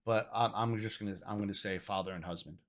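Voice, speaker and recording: A man's voice: lowish voice, fairly even intonation, quick pace. A man chatting as a podcast guest, talking in an earnest, heartfelt way with the odd swear word. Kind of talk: casual podcast chat.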